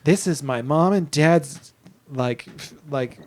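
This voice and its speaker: A man's voice: fairly high pitch, darkish tone. Joking man recapping with fillers. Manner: joking, acts out characters in quick put-on voices; frequent fillers and trailing asides. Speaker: podcast co-host. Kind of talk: casual chat recapping an anime.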